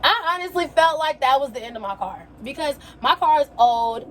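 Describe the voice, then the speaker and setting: A young woman telling a story in a casual, animated way, full of slang and quoted exclamations. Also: sits high, moderate pace, slight background noise. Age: young adult. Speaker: vlogger. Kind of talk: casual storytelling while getting ready.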